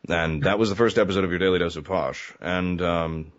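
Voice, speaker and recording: A man with a very deep voice talks as a guest in a relaxed interview chat. He rambles, full of "um" and "you know", and laughs easily. The sound is muffled and lo-fi. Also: a little fast. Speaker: guest, web comedy creator.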